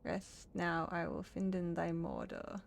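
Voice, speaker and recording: A woman voicing a grim, stern male woodcutter with an axe, speaking slowly in old-fashioned solemn tones. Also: on the low side, big pitch swings, vocal fry, heavily acted.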